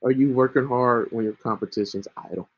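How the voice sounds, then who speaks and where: A man's voice: mid-range voice, a little fast, lo-fi sound. A man hosting his own podcast, teaching the Bible in a casual, earnest monologue and often checking in with "right?", with coughing fits breaking in. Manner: earnest, keeps asking "right?". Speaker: Christian podcast host. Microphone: home computer mic with screen sharing.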